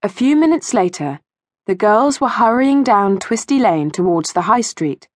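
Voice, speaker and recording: A woman narrating a children's audiobook with expressive storytelling, recorded in a studio. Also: medium pitch, moderate pace, no echo. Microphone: studio mic.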